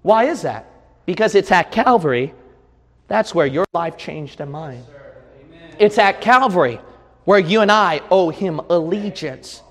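A man preaching a sermon as pastor, building from quiet reflection into shouted crescendos. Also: high voice, lively intonation, a little slow, in a large hall.

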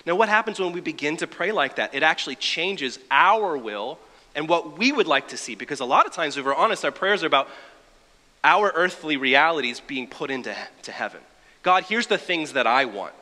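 A man delivers a sermon in a bright, forceful voice, chatty and wry rather than formal. His words ring out with a long hall reverb, as if recorded in a big church. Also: a little high, lively intonation, fairly quick. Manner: conversational, wry asides. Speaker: preacher.

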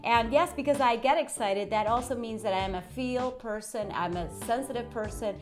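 A woman hosting a motivational podcast monologue, talking in a chatty way, often checking in with the listener and shifting her tone and inflection as she gets excited. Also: a little high, normal speed, soft background music. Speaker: podcast host.

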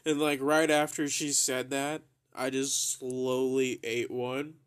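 A young man spins a loose, swearing-heavy anecdote for his podcast. His pitch sits in an ordinary middle range, and he wanders through side remarks and chuckles as he goes. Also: flat delivery, takes it slowly, clear, resonant tone. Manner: rambling, profane, laughs through his own story. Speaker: podcast host. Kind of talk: casual storytelling.

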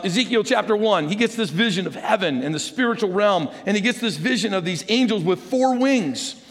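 A man preaching a conversational sermon as pastor, animated and chatty, asking the congregation questions. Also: high voice. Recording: long hall reverb.

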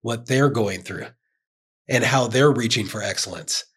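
A man hosts a conversational interview show. His voice has a husky edge, and he keeps backing up his guest with quick affirmations and echoes of her phrases. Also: medium pitch, fairly bright tone. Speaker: talk show host.

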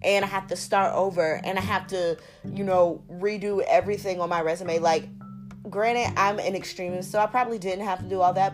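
A young woman in her twenties hosting a podcast, talking candidly and emphatically in slangy casual speech, repeating points for weight. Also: on the low side. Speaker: podcast host. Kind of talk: casual monologue. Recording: music playing underneath.

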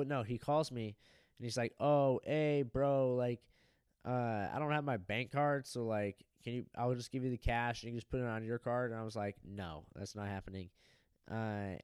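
A young man co-hosting a podcast, telling a crude story in a loose, animated way and acting out the people in it. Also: lowish voice, moderate pace, clear, resonant tone, no room sound, clean studio sound. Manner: animated, profane, acts out quoted people. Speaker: podcast co-host.

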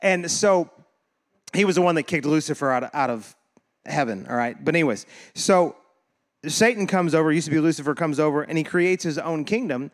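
A man's voice: a little high, normal speed. A man preaching a sermon as pastor, talking casually and animatedly, joking and laughing with his congregation, and acting out quoted voices.

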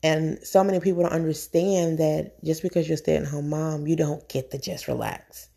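Woman podcaster, mom, low mellow gravelly voice, talkative and rambling, a bit nervous, recorded on a phone. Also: steady tone, normal speed. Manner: chatty, rambling, enthusiastic. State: a little nervous. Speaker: podcast host, stay-at-home mom. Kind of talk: casual solo podcast talk.

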